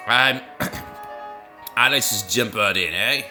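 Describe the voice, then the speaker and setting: A man's voice: on the low side, slow pace, sharp tone, faint music behind. A man rambling through casual, self-mocking commentary while he plays brain-training games. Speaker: gaming video host.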